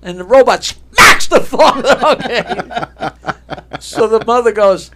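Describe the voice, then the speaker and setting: Animated older man telling jokes. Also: very high-pitched, unhurried, heavy background noise. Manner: animated, laughs at his own punchlines. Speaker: stand-up comedian. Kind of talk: joke telling and storytelling. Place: studio.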